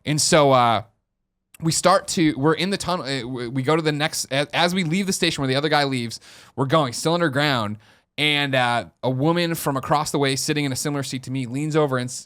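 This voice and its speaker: A man's voice: a little high, fairly quick, a bit bright. A man hosting a podcast, telling a story in casual chat and acting out the people he quotes. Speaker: podcast host. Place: podcast studio.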